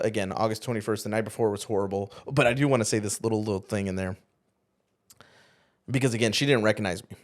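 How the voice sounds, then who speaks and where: A man, a podcast co-host and former youth pastor, telling a painful personal story in an earnest, halting way that often trails off quietly. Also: on the low side.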